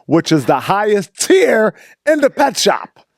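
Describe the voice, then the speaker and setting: A man's voice: high voice, wildly swooping pitch, a little slow, creaky, no room sound, clean studio sound. A man hosting a casual comedy podcast from his apartment, joking and teasing his guest. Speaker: podcast host.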